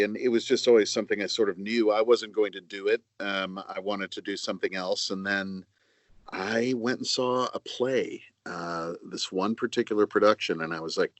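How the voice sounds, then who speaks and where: A middle-aged man being interviewed as a guest voice actor, speaking in a measured, earnest way with many fillers and restarts. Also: fairly low pitch, steady tone, no echo. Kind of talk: casual interview.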